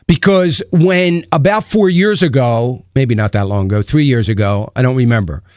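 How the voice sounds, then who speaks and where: A man's voice: mid-range voice, normal speed, darkish tone, no room sound. Opinionated male radio host, dry studio sound. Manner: opinionated, emphatic, rhetorical questions. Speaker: radio talk show host. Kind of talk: radio talk commentary. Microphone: studio microphone.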